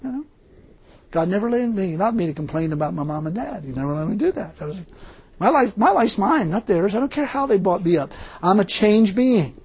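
Folksy older male preacher, high-pitched and husky, laughs a lot between points. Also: big pitch swings, fairly quick, a little mellow. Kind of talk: informal sermon.

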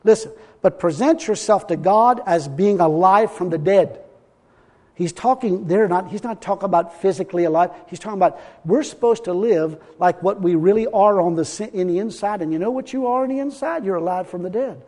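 A high-pitched male pastor delivers a folksy, emphatic sermon, breaking into chuckles between points. His voice rings out with a long reverb, as if the mic picks him up in a church hall. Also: a little fast, warm tone.

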